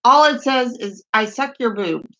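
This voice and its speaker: A woman reading out strange dating-site messages in a comedic, deadpan way, with wry asides. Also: on the high side, a little slow. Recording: dull lo-fi sound.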